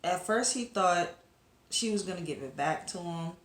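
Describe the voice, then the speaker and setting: A woman's voice: lowish voice, lively intonation, normal speed, reverberant. A woman reviewing a webcomic episode to camera in a casual, rambling chat full of fillers and asides to her viewers.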